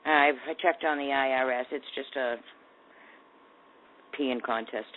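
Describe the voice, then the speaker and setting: A woman's voice: very deep voice, a little slow, a little hiss or hum. A woman hosting a talk radio show, giving indignant, sarcastic commentary. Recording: tinny phone-like audio.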